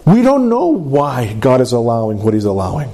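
A man preaching a sermon to a congregation, asking for amens and swinging between high emphatic lines and low drawn-out ones. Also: huge pitch swings, mellow. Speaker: pastor.

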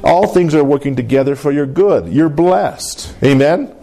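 Man preaching, animated, call and response, slightly high voice, wide melodic swings. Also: a little slow, vocal fry. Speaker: pastor. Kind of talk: sermon.

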